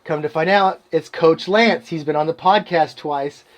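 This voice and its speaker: A man's voice: a little high, moderate pace. A middle-aged man hosting a podcast, telling a long story in a casual monologue, laughing often and acting out the people he quotes. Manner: animated, laughs often, acts out quoted voices. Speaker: podcast host.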